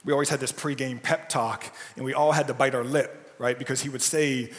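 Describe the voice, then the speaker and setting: A man's voice: medium pitch, steady tone, fairly quick, long reverb tail. A man preaching a casual, humorous sermon, often checking in with "right?". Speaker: pastor. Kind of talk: conversational sermon. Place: church sanctuary.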